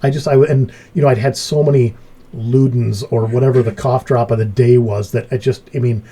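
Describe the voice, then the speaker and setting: A middle-aged man hosting a relaxed group chat, telling stories with lively jumps in pitch when he acts out what he said. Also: fairly quick, slightly rough. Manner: animated storyteller, voice jumps up when acting out his story. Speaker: podcast host. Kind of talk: casual chat.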